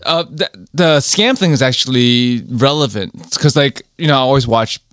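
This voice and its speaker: A man's voice: mid-range voice, normal speed, a bit bright, smooth, no echo, clean studio sound. A man chatting in a casual podcast. He jokes, laughs often and swears. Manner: giggly, joking, profane. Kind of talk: casual chat.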